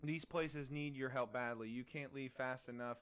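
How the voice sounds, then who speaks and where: A man's voice: mid-range voice, fairly even intonation, moderate pace, fairly bright tone, clear, resonant tone. A young man co-hosting a casual podcast, chatting with a friend and reading posts aloud with mocking asides and frequent laughter. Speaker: podcast co-host.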